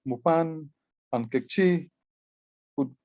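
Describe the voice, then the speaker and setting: A man's voice: a little high, slow, darkish tone, dry recording, dull audio. A man with a Belizean accent giving a presentation on Maya hieroglyphs, earnest and explanatory, often repeating words as he works through a point. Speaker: Maya writing club educator and guide.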